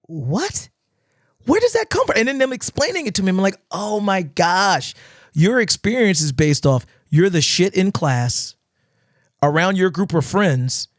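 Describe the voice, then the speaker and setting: A man's voice: high voice, dry recording, studio quality. A man who teaches dance, talking casually on a podcast, acting out crowds and swearing freely as he tells stories. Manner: animated storytelling, acting out crowds and shouts, swears often.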